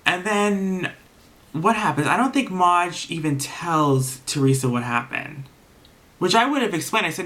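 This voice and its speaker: A man with a bright, slightly higher voice recaps a reality TV episode in a loose, chatty way. He swears freely and gets animated as he retells the drama. He slips into the cast's quoted lines as he goes. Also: unhurried.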